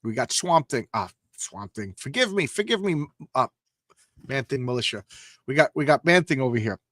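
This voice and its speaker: A man's voice: medium pitch, expressive, normal speed, a bit bright, no room sound, studio quality. A man hosting a casual comic book reading show, talking with enthusiasm, rambling and often stumbling over his words. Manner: enthusiastic, rambling, stammering restarts.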